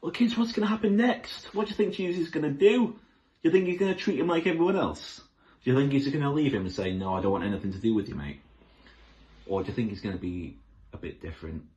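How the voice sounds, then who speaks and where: Animated kids' teacher. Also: male voice, on the high side, fast talker, lo-fi sound. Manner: enthusiastic, asks the children questions. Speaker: children's Bible lesson leader. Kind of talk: children's Bible lesson.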